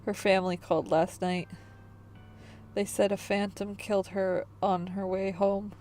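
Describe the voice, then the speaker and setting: A tired older grandmother landlady, read by a woman who talks slowly and measures her words at a middling pitch. She lays out the chores one step at a time in a comic read-aloud. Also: little pitch movement, darkish tone, soft background music, close to an everyday voice. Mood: instructing. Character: weary older grandmother running an apartment building.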